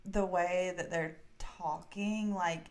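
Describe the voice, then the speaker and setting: A woman's voice: lowish voice, fairly even intonation, slow. A woman co-hosting a casual reaction podcast, chatty and full of fillers. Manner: chatty, filler-heavy, hedging. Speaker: podcast co-host.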